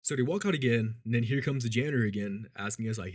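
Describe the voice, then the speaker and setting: A man tells a story in casual, rambling speech, swearing often and filling gaps with "like" and "you know." He talks quickly with few pauses, acting out quoted people by shifting his pitch and loudness. The clean studio recording has no room sound.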